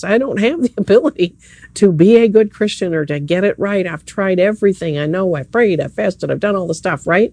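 Earnest, mellow-voiced preacher at an evening service. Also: mid-range voice, breathy edge, no room sound. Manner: earnest, conversational, addresses listeners directly. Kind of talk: sermon.

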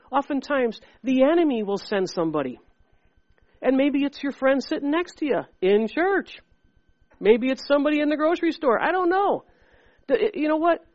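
Female preacher, chatty and animated sermon, higher voice, dry muffled sound. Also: no echo. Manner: animated and conversational, acts out voices.

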